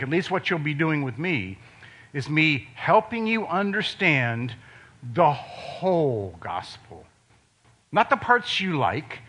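An older man delivers a sermon in a bright, forceful voice that sits a little high for a man. He talks to the congregation in a conversational way, then drops to a quiet, low emphasis on his key points. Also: breathy edge. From Ohio, USA. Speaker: preacher.

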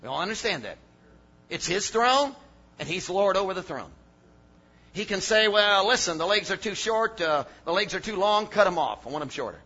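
An older man delivers a sermon in a high, lively voice that climbs and falls. He mutters some phrases low and shouts others for emphasis. The recording sounds dull and lo-fi. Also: normal speed. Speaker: preacher.

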